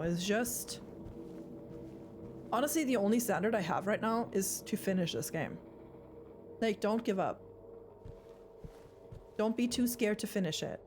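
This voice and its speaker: A woman's voice: medium pitch, background noise. A young woman streaming a horror game live, rambling, swearing and screaming in fright, with a throat sore from screaming.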